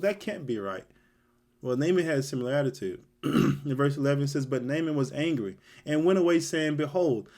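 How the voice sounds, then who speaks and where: A man giving a sermon, reading scripture aloud and acting out the characters' lines in an animated way. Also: on the high side. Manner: animated, reads scripture then acts out characters' voices. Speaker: Bible teacher.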